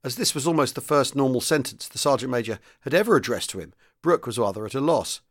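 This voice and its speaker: A man reading a novel aloud in a steady, measured narrating voice. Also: medium pitch. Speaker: reader. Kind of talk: audiobook-style novel reading.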